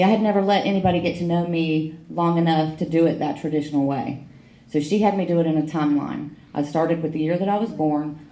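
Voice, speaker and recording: Low, mellow-voiced middle-aged woman speaker for a recovery meeting, frank and wry, in an echoey hall. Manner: frank, wry storytelling with emotional emphasis. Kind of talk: personal recovery story told to a meeting.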